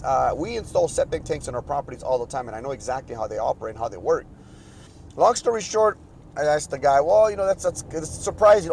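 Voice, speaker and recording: A man's voice: medium pitch, very animated, fast talker, darkish tone, a little hiss or hum, poor audio. A man hosting a podcast, telling a long frustrated story in a casual, rambling way with many restarts. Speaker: podcast host.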